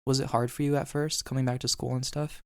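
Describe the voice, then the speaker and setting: A man's voice: mid-range voice, flat delivery, quick pace, clear, resonant tone, no echo, clean studio sound. A young man hosting a podcast, telling an emotional story in casual chat and swearing now and then. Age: young adult. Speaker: podcast host.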